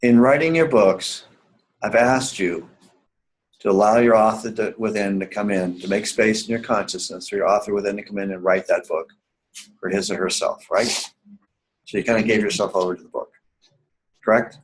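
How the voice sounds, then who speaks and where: A man's voice: fairly low pitch, moderate pace, long pauses, rough recording. Emphatic man teaching a writing class. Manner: emphatic, repeats key points, asks the class questions.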